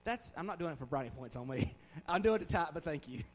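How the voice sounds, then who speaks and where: A man's voice: fairly high pitch, lively intonation, fast, poor audio. A man in his forties preaching a sermon in a conversational way, with joking asides and words repeated for emphasis. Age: 40s. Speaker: pastor.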